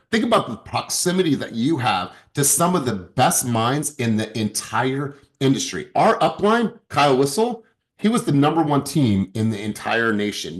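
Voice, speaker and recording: A man, a sales director and coach, giving an emphatic motivational talk to his team and repeating words as he starts sentences. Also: mid-range voice.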